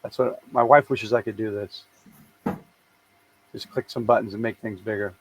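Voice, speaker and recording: A man's voice: fairly low pitch, steady tone, moderate pace, a little hiss or hum, rough recording. A middle-aged man co-hosting a casual news chat, joking, swearing and laughing as he goes. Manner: joking and profane, laughs often. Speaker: co-host.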